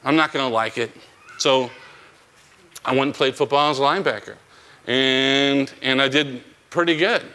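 A man's voice: mid-range voice, moderate pace, long pauses. A man telling a story from his life in a conversational interview, acting out the dialogue of the people in it. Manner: animated, acts out quoted dialogue.

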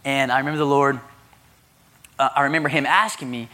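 A male pastor preaching a sermon, telling a personal story in an animated way and acting out the dialogue himself. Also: medium pitch, fairly quick. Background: congregation responding.

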